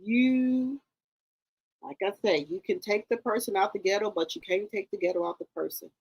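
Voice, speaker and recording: A woman's voice: mid-range voice, fast talker, slightly rough, rough recording. A woman hosting a commentary channel, reacting to a clip in a scolding, exasperated, mocking way.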